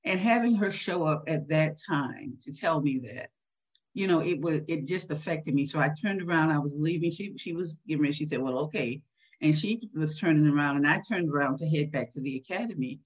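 A woman in her sixties, husky-voiced, recalling a personal story in a candid interview with a soft laugh now and then. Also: low voice, fairly quick. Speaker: guest.

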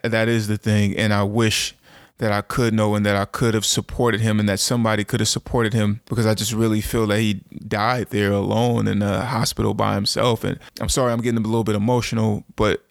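A man in his thirties speaks to his audience in an earnest, reflective way, often restarting his sentences. His voice is flat and even, with a gravelly edge. The recording is dry and close, with no room sound. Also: on the low side, no room sound. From United States. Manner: earnest, halting, with many restarts and fillers. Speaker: motivational speaker and show host. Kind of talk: reflective personal monologue.

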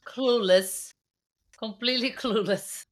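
Brief: woman co-host, fairly high voice, unhurried short reactions in casual chat. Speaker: podcast co-host.

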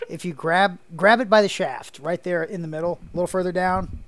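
A man's voice: sits high, fairly quick, fairly bright tone, a little hiss or hum. A man hosting a casual podcast, joking around and laughing often. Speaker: podcast host.

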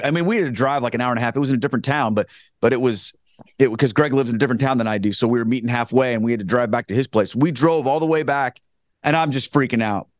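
A man's voice: medium pitch, dry recording, clean studio sound. A man, earnestly telling his conversion story as a guest, rambling with frequent restarts. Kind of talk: casual spoken testimony.

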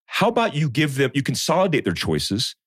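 Male guest, thirties, animated storyteller, close dry mic. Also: mid-range voice, fairly quick, breathy edge, no room sound. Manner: storytelling, animated, acts out quotes. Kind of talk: casual chat.

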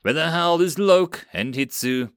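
A man's voice: fairly high pitch, a little slow, a bit bright, clean tone, dry recording, clean studio sound, voice pushed up. A man voicing a male squad leader who gives curt, clipped orders in an audiobook. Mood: commanding.

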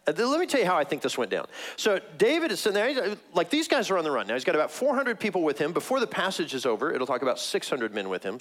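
A man preaching a sermon as pastor, in a conversational way, acting out the voices of the people in his story. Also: on the high side. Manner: conversational, acts out voices of biblical figures, laughs.

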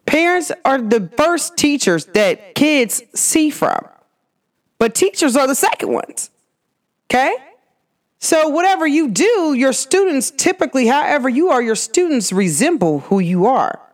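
A young woman hosting a podcast, talking in an emphatic, animated rant full of rhetorical questions. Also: high-pitched, unhurried. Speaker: podcast host. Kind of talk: casual monologue.

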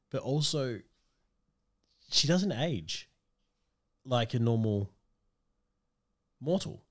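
A man hosting a casual movie-news chat, rambling and trailing off with ums. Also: mid-range voice. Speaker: podcast host.

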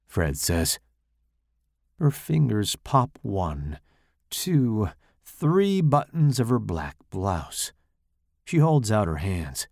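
Slow, gravelly man narrating horror. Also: on the low side, no echo, studio quality. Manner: slow, dramatic, expressive reading. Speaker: podcast host reading his story. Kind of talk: first-person horror story narration.

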